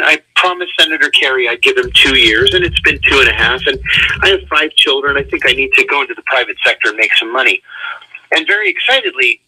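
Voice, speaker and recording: A man, a radio interview guest, telling a personal story in an animated way with vivid swings of pitch. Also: a little fast, slight background noise, poor audio.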